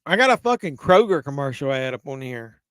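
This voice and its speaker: A man's voice: medium pitch, sing-song, fairly quick, a bit bright, smooth, no room sound, clean studio sound. A man hosting a live stream, tipsy from drinking, chatting casually and profanely with viewers while watching a movie. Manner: rambling, profane, answers chat messages.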